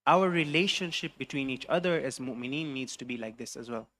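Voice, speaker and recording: A man's voice: medium pitch, a little fast, bright, forceful tone. A man preacher telling a story in a sermon, mixing English narration with recited Arabic phrases. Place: mosque hall.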